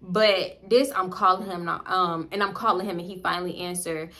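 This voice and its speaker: A woman with a Southern US accent telling a casual storytime, slangy and profane, jumping in pitch as she acts out what others said. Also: normal speed. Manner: animated, acts out quoted dialogue with big pitch jumps; slangy, profane, addresses viewers as y'all. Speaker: storytime vlogger.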